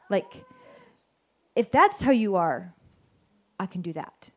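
A woman's voice: mid-range voice, sing-song, slow pace, fairly bright tone. A woman giving an informal devotional Bible teaching, chatty and self-correcting, often acting out the lines she quotes.

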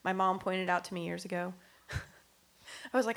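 Gravelly-voiced woman in reflective faith talk. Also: fairly low pitch, fairly even intonation, moderate pace. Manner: earnest, laughs often, drops to a near whisper; thinks aloud with fillers and restarts.

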